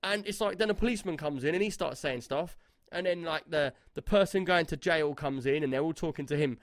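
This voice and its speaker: Male podcast co-host, storytelling chat, fairly high-pitched, dry recording. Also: fairly quick, no echo. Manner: chatty, storytelling, reads out chat comments. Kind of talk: casual gaming podcast chat.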